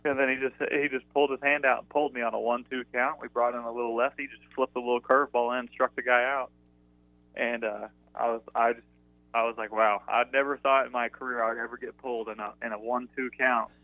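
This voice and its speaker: A man's voice: medium pitch, flat delivery, brisk, no echo. Young man telling stories over a phone line. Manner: chatty, many fillers, laughs through stories. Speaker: guest, former college pitcher. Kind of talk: casual interview storytelling. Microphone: phone call. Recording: dry tinny phone line.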